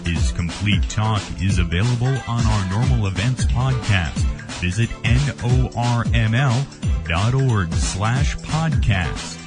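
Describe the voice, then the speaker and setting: A man's voice: fairly low pitch, slow pace. Male podcast host reading announcements. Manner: even, announcer-like. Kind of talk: scripted podcast narration. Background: music.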